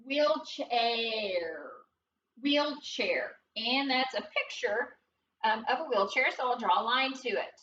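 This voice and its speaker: A woman teaching a phonics lesson to young children, spelling words slowly and prompting them with encouragement. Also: high-pitched, pushed and bright, a little hiss or hum. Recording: dull, roomy sound from a distance.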